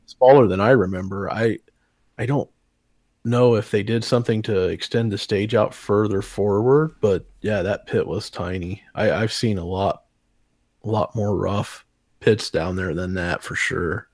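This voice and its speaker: Husky, low-voiced man in casual chat. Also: unhurried, dry recording. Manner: relaxed, easygoing reply. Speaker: podcast co-host.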